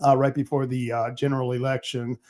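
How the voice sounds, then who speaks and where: A man hosting his own podcast, telling stories in a rambling, animated way with plenty of fillers and restarts. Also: mid-range voice, fairly quick. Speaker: podcast host. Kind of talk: casual monologue.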